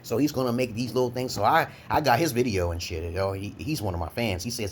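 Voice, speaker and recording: A man from Brooklyn, New York, ranting in a profane, rambling vlog monologue, breaking into loud laughing high shouts. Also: quick pace, hardly any pauses. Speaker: vlogger.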